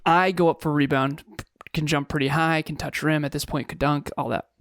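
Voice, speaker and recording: A man's voice: fairly high pitch, fairly even intonation, normal speed, a bit bright. A man in his thirties co-hosting a podcast, telling stories in an earnest, reflective way. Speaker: podcast co-host. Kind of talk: casual chat.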